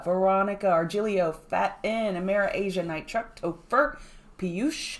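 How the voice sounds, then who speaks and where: Woman host, trading livestream; casual, chatty, greets viewers by name, medium pitch. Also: a little slow. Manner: explains market moves conversationally. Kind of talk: casual live-stream chat.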